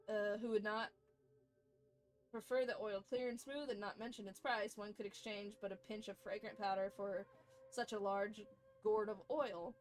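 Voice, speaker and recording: A woman's voice: mid-range voice, a little hiss or hum. A woman streamer at home at her computer, reading game lore aloud and chatting, often stumbling over words and giggling.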